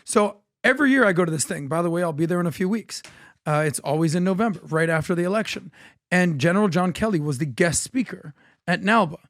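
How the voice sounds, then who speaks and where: This political podcast co-host talks fast in a high-pitched voice, captured in a dry, studio-quality recording. He's an animated storyteller who tells anecdotes and acts out the dialogue within them.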